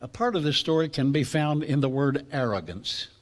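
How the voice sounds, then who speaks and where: A man's voice: mid-range voice, normal speed. A man preaching a sermon to a class, telling stories and acting out the voices in the quotes. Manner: lively storytelling preacher, acts out voices in quotes.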